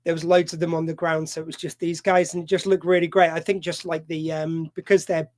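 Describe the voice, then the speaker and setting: A co-host chats casually and hesitantly, stumbling over fillers and apologising often. The voice sits at an ordinary middle pitch. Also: flat delivery, brisk, darkish tone. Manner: hesitant, many fillers and apologies, laughs easily. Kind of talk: casual chat.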